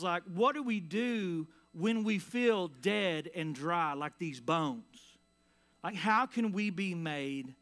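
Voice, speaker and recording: A man preaching a sermon in church in a casual, conversational way, full of fillers, sometimes dropping to a quiet, low voice for emphasis. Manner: conversational preaching with many "like" and "all right" fillers. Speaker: pastor. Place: church sanctuary.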